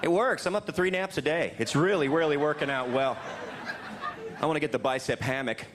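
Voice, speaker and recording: A middle-aged male comedian working a stand-up set on a stage mic, his voice sitting a bit high as he drops into goofy shouted characters. A big audience laughs all around him, and the live recording carries a steady layer of noise. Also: brisk, over a noisy crowd. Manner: jumps into high shouted silly voices for bits.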